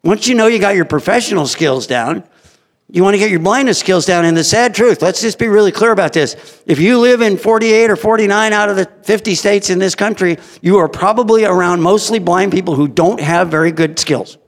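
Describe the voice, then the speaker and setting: A man's voice: sits high, a little fast. A middle-aged man, an employer, giving a humorous, blunt talk to an audience, chuckling often as he jokes. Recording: long hall reverb.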